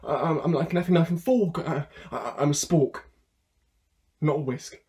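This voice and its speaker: On the high side with a darkish tone and lightly acted delivery at normal speed, a young adult student actor performs a theatre monologue online. He plays a desperate food courier on the phone, stammering, pleading and breaking into anger.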